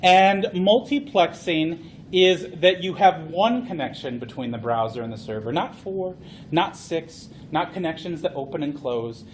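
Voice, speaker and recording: A man giving a conference talk, explaining things in an animated, playful way. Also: fairly high pitch, a little slow, slight background noise. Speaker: conference speaker.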